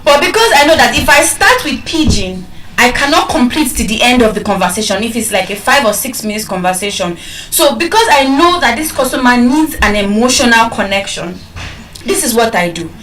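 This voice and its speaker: Nigerian woman giving a lively talk, fairly high voice, echoey hall heard from far off. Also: fairly quick. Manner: animated storytelling, acting out calls. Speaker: public speaker. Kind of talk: motivational speech.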